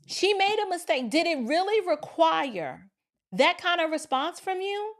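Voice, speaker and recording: Woman commentator, high-pitched, very animated, preachy. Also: a little slow. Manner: preachy, animated, slips into voices of friends. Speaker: commentary host. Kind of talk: opinion commentary.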